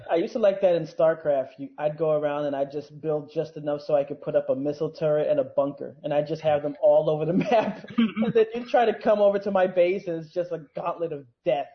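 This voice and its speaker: A man's voice: on the high side, fairly even intonation, brisk. A man co-hosting a podcast, joking in casual chat and often laughing into his lines. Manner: joking, laid-back, trails into laughs. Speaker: podcast co-host. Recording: dull lo-fi sound.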